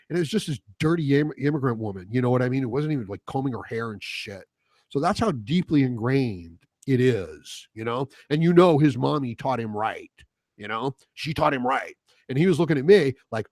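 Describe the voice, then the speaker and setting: A man talking on his own podcast in a loose, rambling way, swearing freely and chuckling between thoughts. His voice sits at an ordinary middle pitch. The sound is close and dry. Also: animated, fairly quick, darkish tone, dry recording. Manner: rambling, profane, chuckles often. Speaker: podcast host. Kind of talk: casual solo podcast monologue.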